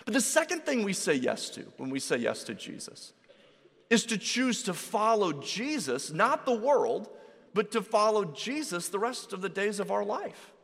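A man preaching a sermon in a relaxed, conversational storytelling way, acting out the voices of people in his stories. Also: sits high, moderate pace, creaky. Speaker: pastor. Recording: reverberant hall.

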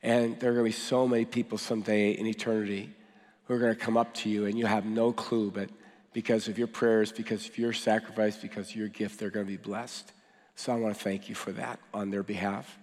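A man with a cold, his voice deeper than usual, giving a sermon as pastor to his church with casual joking asides. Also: flat delivery, a little fast, a little mellow. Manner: joking, conversational preaching with fillers. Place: large church hall. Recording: long hall reverb.

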